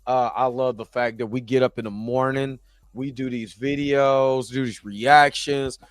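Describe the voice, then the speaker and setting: A man's voice: mid-range voice, steady tone, a little slow, dry recording. A man hosting a live reaction show, chatting loosely and joking around, rambling with frequent laughs. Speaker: host. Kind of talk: casual reaction livestream chat.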